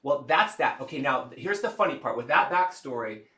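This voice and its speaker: Bright-voiced man chatting on a livestream. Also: medium pitch, lively intonation, brisk, echoey room. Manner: chatty, laughing and fumbling with the computer as he talks. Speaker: livestream host and game creator. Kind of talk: casual livestream chat.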